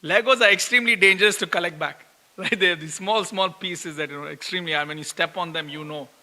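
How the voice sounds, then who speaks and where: A middle-aged man giving a lively sermon, often asking listeners "right?" and acting out complaints. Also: high voice, fast. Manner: lively storytelling, acts out quoted complaints, laughs often; asks listeners "right?" again and again. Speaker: preacher giving a scripture class. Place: temple hall. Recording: long hall reverb.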